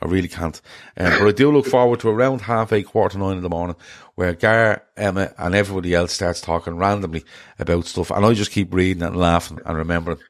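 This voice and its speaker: A man co-hosting a podcast, recounting a group chat in animated, swearing casual talk. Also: sits low, fast talker. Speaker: podcast co-host.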